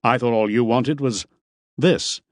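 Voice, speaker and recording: A man doing a brisk, commanding boss. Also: mid-range voice, no echo, clean studio sound, voice pushed up, lightly acted. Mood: authoritative. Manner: brisk, authoritative, suspicious.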